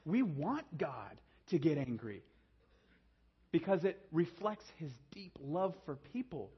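A husky, slightly high-pitched male preacher delivering a sermon, dropping to a near whisper for weight and climbing back up with urgency. The recording is dull and lo-fi. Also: animated, normal speed. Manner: dynamic preaching, drops to a hushed low voice then rises. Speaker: pastor.

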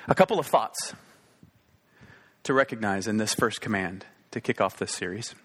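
A man's voice: on the low side, normal speed, pauses often, fairly bright tone, slightly rough. Man preaching an earnest sermon. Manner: earnest preaching with repetitions and emphatic asides. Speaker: pastor.

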